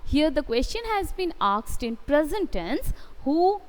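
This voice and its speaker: A woman with an Indian English accent teaching a kindergarten English class live online, dictating slowly, spelling words letter by letter and praising her pupils. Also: high voice, very animated, big-room sound. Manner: slow, sing-song dictation, stretching words and spelling letters aloud.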